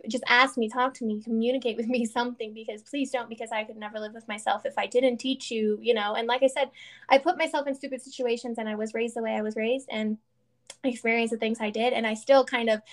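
A woman in her thirties, co-hosting a casual chat and telling stories earnestly, with lots of fillers. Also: fairly high pitch. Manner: earnest, animated storytelling with many fillers.

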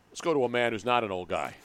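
A man's voice: mid-range voice, a bit bright, slight background noise. An older man hosting a sports radio show, chatting casually with a joking, teasing manner. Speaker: radio host.

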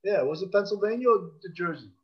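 High-voiced blunt New man, lo-fi. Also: expressive, fast talker. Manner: blunt, crude jokes. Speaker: podcast co-host. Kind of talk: casual chat. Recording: dull lo-fi sound.

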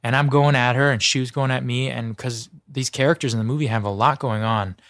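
A man's voice: medium pitch, steady tone, brisk, fairly bright tone, no echo, studio quality. A man speaking as an actor guest in a casual interview, earnest and heartfelt, often restarting his sentences. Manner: earnest, heartfelt, full of restarts and "you know".

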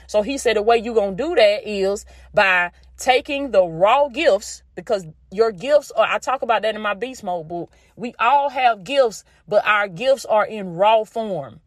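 A woman with a Southern US accent gives a faith-based motivational talk as a podcast host. She talks in a folksy, down-home way, calls her listeners "baby" and "y'all," and repeats lines for emphasis. Her voice sits at an ordinary middle pitch and sounds dry and close, with no room echo. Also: lively intonation, measured pace, few pauses. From Southern United States.

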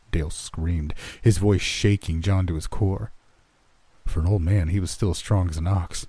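A man narrating a horror story in a measured, somber way. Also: sits low, fairly even intonation, warm tone, slightly rough, no room sound.

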